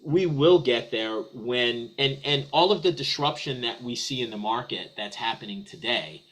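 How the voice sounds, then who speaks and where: Man, webinar guest, energetic, stumbles and repeats words, conversational. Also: mid-range voice, normal speed, rough recording.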